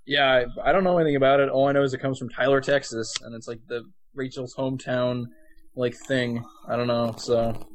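A man's voice: mid-range voice, flat delivery, a little fast. A young man with a New Jersey accent, co-hosting a casual podcast chat, rambling with many fillers, with a slight speech impediment and on cold medicine. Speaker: podcast co-host.

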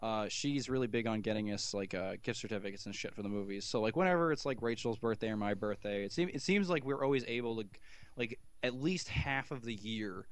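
A man's voice: lowish voice, a little fast. A man co-hosting a podcast in casual chat, rambling and swearing, with many restarts. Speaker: podcast co-host.

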